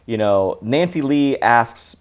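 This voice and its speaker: A man's voice: medium pitch, animated, slow pace, clean tone. A man co-hosting a talk show, casually recapping a film's plot with frequent restarts and laughter. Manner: rambling, restarts, laughs often. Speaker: podcast co-host. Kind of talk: casual movie recap chat.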